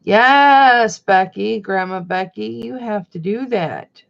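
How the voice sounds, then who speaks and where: A woman's voice: medium pitch, a little slow, vocal fry. A middle-aged woman, hosting a casual livestream chat and reading viewer comments aloud. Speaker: livestream host. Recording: dull lo-fi sound.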